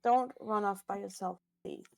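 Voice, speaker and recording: A woman's voice: medium pitch, normal speed, vocal fry, darkish tone. A woman player speaking earnestly in character during a casual tabletop role-playing session.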